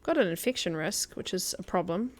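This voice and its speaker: A woman's voice: lowish voice, lively intonation, fairly quick. A woman chatting casually as a guest streamer while she plays a survival game, laughing often. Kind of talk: casual gameplay commentary.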